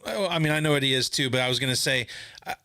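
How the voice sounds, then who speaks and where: A man's voice: medium pitch, rapid-fire, sharp tone, dry recording. A man hosting a podcast who chats casually about a movie, rambling and poking fun at himself. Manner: rambling, self-mocking, laughs at himself. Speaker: podcast host.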